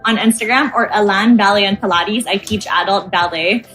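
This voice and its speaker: A woman from the Philippines, telling stories as a podcast guest in a casual, animated way. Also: mid-range voice, a little fast, faint music behind. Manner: animated, laughs often, acts out quoted voices. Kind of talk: casual storytelling. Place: home.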